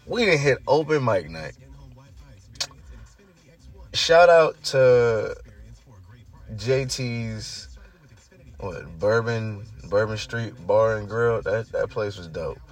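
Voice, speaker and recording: Hoarse man hosting his own show. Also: mid-range voice, animated, takes it slowly, long pauses. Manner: hype, swings between loud and murmured. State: hoarse, lost voice. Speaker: show host. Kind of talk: casual storytelling monologue.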